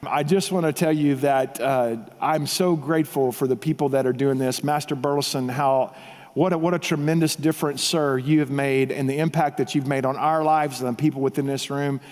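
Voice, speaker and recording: A man giving a heartfelt tribute speech, telling a story with emphatic repetition and loud shouted quotes. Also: mid-range voice, normal speed. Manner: animated, emphatic, repeats himself, shouts out quoted lines. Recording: long hall reverb.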